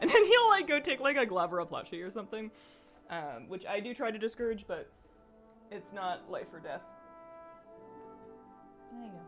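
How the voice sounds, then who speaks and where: A woman live-streaming a game who chats casually, laughs often and coos at her pets in a high sing-song. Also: lively intonation, normal speed, a bit bright, faint music behind.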